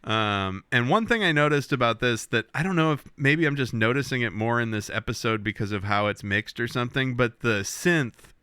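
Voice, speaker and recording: Bright, crisp-voiced man co-hosting a podcast. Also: medium pitch, fairly quick, few pauses, no room sound, studio quality. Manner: animated, swears a lot, acts out characters' lines. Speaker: podcast co-host. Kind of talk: casual chat recapping a TV episode.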